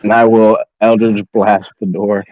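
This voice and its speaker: A man with a lowish voice playing a tabletop game speaks slowly in terse, clipped remarks. The sound is dry and comes through a thin, phone-like call line. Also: flat delivery, no echo. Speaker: player. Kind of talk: casual tabletop play. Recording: dry, tinny online call audio.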